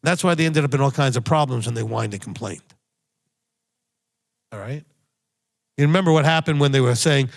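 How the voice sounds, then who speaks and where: A man's voice: medium pitch, fairly quick, creaky, pauses often. A man, a rabbi, giving a sermon with blunt, emphatic exhortation and repeated key phrases. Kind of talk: recorded sermon teaching.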